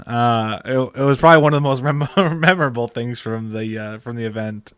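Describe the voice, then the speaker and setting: A man's voice: mid-range voice, expressive, fairly quick, few pauses, fairly bright tone, clear, resonant tone, no echo, clean studio sound. A man hosting a live stream, telling a rambling casual story full of "like" and filler. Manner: rambling, heavy use of "like". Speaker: stream host.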